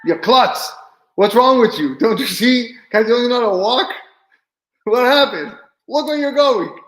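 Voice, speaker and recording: A man voicing a wife in a made-up scene, speaking in loud, raised exclamations. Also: very high-pitched, expressive, measured pace, echoey room, voice pushed up, heavily acted, poor audio. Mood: scolding, shrill. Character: wife, adult woman, doting then scolding.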